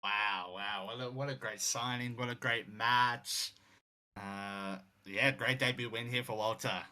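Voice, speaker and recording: A man's voice: medium pitch, measured pace. A man co-hosting a casual wrestling game commentary with lots of fillers. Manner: animated, filler-heavy chat. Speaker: co-host.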